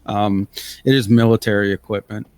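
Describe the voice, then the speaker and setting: A man's voice: fairly low pitch, fairly even intonation, moderate pace, a little mellow, no echo. A man narrating a tabletop game as game master, describing scenes loosely with many fillers.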